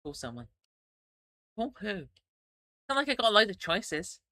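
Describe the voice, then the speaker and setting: A man's voice: high voice, very animated, a little slow, bright, forceful tone, no echo, clean studio sound. A man streaming, reading a story game aloud and chatting between passages, with stammering restarts and chuckling asides.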